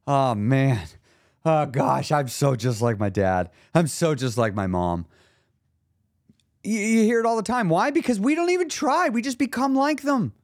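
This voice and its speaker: A man's voice: high-pitched, no echo, clean studio sound. A man hosting a podcast as a weight loss coach, talking straight to his listeners and acting out the people in his stories. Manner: animated storytelling, acts out quoted characters. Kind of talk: podcast monologue.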